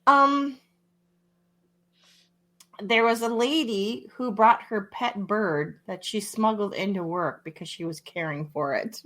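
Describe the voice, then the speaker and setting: A woman's voice: mid-range voice, takes it slowly, fairly bright tone. A woman co-hosting a casual podcast chat, laughing often as she talks. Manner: giggly, laughs often between phrases. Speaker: podcast co-host.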